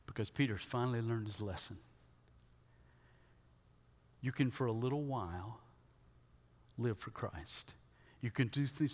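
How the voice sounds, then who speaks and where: In a large hall with long reverb, a male pastor preaches a sermon, retelling a story emphatically. His voice is medium-pitched, and he checks in with the congregation through quick rhetorical questions.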